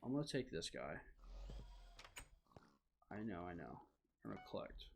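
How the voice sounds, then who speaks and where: A man's voice: low-pitched, big pitch swings, normal speed, vocal fry, slight background noise. A young man streaming a video game, chatting casually and rambling with lots of fillers and self-deprecating asides. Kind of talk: casual gaming livestream chat.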